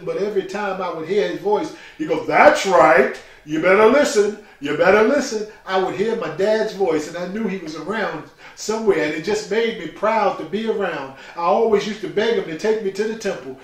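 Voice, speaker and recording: A man's voice: high-pitched, darkish tone. An older man gives a preaching personal testimony, emphatic and repetitive, calling listeners brothers and sisters. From New York. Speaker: speaker telling his life story. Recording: very echoey room, far from the mic.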